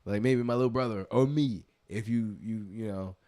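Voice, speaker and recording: Chill podcast guy, lowish voice, rambles and swears easy. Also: normal speed, mellow. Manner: laid-back, rambling, swears casually. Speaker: podcast co-host. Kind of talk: casual chat.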